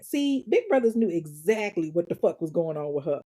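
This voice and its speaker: A woman's voice: fairly low pitch, big pitch swings, moderate pace, dark tone, husky. A woman podcast host telling a true-crime story in a casual, profane, sassy way, acting out the quotes.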